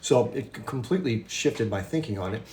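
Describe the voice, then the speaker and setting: A man in his fifties hosting a livestream and chatting casually with viewers, talking fast with restarts and quick asides. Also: medium pitch, expressive, a little mellow, slight background noise. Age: 50s. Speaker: livestream host.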